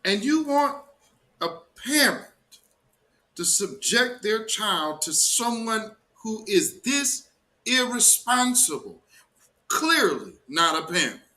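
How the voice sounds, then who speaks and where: A man's voice: high voice, very animated, slow, bright, forceful tone. A man hosting a livestream, reacting to a clip with an emphatic, indignant rant full of slang. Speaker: commentary show host.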